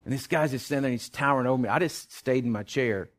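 A middle-aged man, a pastor preaching a sermon and telling a personal story in a folksy, animated way. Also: mid-range voice, fast.

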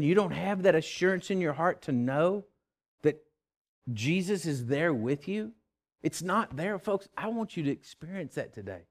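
A man preaching a sermon in a church, swinging from loud urgent calls to hushed pleading. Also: a little high. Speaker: pastor. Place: church sanctuary with live congregation.

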